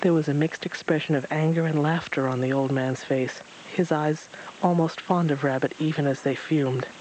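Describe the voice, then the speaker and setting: A man narrating a storybook in a steady, expressive reading. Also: a little high, normal speed, slight background noise, rough recording.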